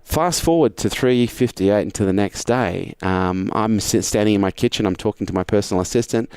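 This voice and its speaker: A man from Australia, a guest on an interview podcast, telling a story fast and animated, swearing freely. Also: lowish voice, smooth, no echo.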